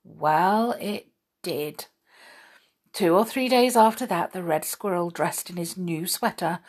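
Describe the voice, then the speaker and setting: A woman reading a children's story aloud in a gentle, unhurried way. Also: on the low side, breathy edge.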